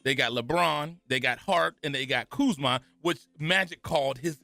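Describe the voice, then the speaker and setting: A man's voice: fairly high pitch, normal speed, gravelly, sharp tone, no echo. A man from California co-hosting a sports talk radio show, bantering playfully with his partner. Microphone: studio microphone.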